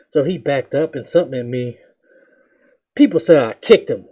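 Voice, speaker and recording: A young man casually telling a story about his school days, slangy and animated, jumping into a higher voice to act out what people said. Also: normal speed, husky. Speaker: reaction video host.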